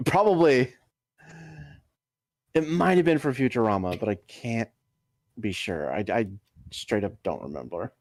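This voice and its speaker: A man co-hosting a casual podcast, excitable, laughing often and swearing. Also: mid-range voice, unhurried, pauses often, no room sound, clean studio sound. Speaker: podcast co-host. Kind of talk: casual chat.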